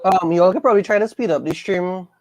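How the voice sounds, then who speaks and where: A man's voice: sits high, fast. A man co-hosting a live race watchalong, teasing the others with hints while refusing to spoil. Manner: teasing, hinting without spoiling. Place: bar and grill.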